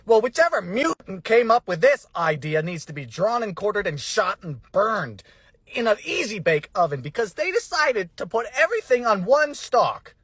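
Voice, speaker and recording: A man with a husky, slightly breathy voice rants in a comic, exasperated way, swearing freely and putting on theatrical flourishes. His pitch swings widely as he builds each complaint to a punchline. He talks straight to a phone camera, often from inside his car. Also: sing-song, moderate pace, a bit bright, no room sound. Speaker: comedy content creator.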